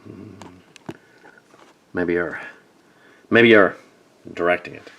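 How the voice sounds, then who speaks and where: A young man improvising deadpan voice acting for a fan-film parody, with muttered asides. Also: low voice, slow pace, gravelly, pauses often.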